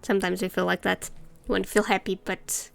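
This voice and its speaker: Gravelly-voiced woman chatting over a game. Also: medium pitch, flat delivery, fairly quick. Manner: chatty, ranting, reads game text aloud. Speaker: let's play streamer. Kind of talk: casual game commentary.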